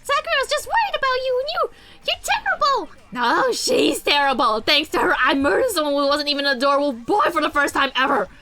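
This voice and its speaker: A woman's voice: sits high, lively intonation, a little fast, sharp tone, soft background music, voice pushed up, heavily acted. A woman voicing a giddy, unhinged young female killer in a video game, reading her lines with cackling, singsong glee. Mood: gleeful.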